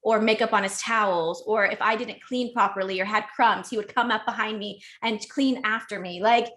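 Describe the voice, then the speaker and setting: A young adult woman, a podcast guest, telling a personal story in casual conversation, animated and emotional with frequent restarts. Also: mid-range voice, normal speed.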